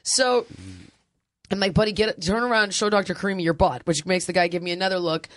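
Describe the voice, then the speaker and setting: A woman's voice: medium pitch, fast talker, slight background noise. A woman in her forties, a podcast host, telling a crude, funny family story in casual chat, laughing often. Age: 40s. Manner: animated, laughing, crude humor.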